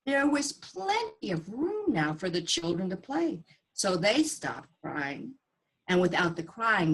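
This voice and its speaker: A woman's voice: fairly low pitch, breathy edge, poor audio. A woman storyteller telling a folktale aloud, acting out the voices and animal sounds.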